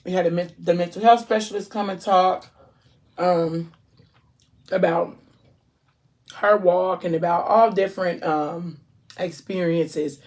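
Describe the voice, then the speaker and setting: An Ohio woman with a lowish voice and fairly even intonation vlogs in a casual chat to camera. Effusive toward her viewers, she offers warm shout-outs full of long, drawn-out endearments.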